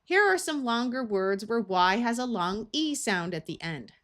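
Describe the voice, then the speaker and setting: A woman's voice: fairly high pitch, very animated, a bit bright. A woman with an American accent teaching a phonics lesson, reading word lists aloud one word at a time. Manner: slow, deliberate, pauses between single words. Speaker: reading tutor.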